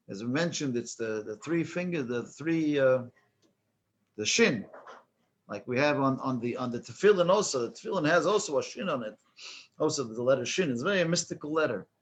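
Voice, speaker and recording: A man's voice: medium pitch, animated, slight background noise. A man who is a rabbi teaching a class, telling a joke and then explaining a prayer with many restarts. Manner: halting, many restarts and fillers, chuckles at his own joke. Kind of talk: storytelling then lecture.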